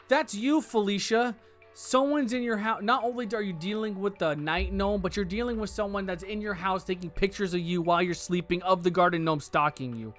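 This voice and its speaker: A man's voice: high voice, fairly bright tone. A man giving casual let's-play commentary, thinking aloud, hedging and joking as he works through cases. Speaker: game streamer.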